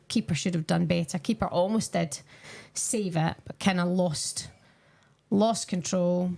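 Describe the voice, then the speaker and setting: A woman's voice: medium pitch, creaky, a little mellow. A young woman chatting casually with her viewers on a live stream while she watches a football match and answers their comments.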